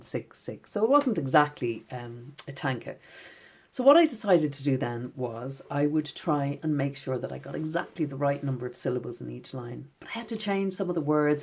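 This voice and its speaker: A woman, a poet giving a gentle, encouraging recorded lesson for schoolchildren, reading her poems out slowly. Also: low-pitched, breathy edge. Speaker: poet teaching children.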